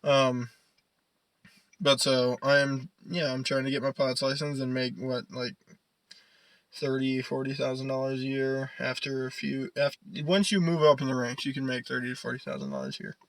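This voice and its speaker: A man's voice: mid-range voice, normal speed, dry recording, poor audio. A young man co-hosting a podcast in casual chat, rambling, swearing and laughing often. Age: young adult. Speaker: podcast co-host.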